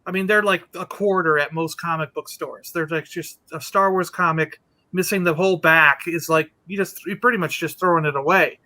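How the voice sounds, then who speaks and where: A man chatting casually on a show, telling an animated story and acting out the quotes. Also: a little high, normal speed. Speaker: podcast co-host. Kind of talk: casual chat.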